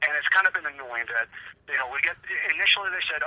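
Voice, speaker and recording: A man co-hosting a gaming podcast, telling stories in an animated, profane way during casual chat. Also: fairly high pitch, very fast. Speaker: podcast co-host. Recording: dull lo-fi podcast audio.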